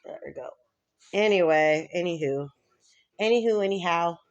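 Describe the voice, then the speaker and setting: A woman's voice: lowish voice, moderate pace, dull audio. Chatty rambling woman vlogger. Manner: chatty, rambling, laughs often. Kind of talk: rambling casual chat to camera.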